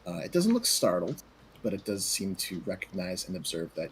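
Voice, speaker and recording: Male game master, lowish voice, measured halting narration, noise in the recording. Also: big pitch swings. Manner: measured, hesitant narration with fillers.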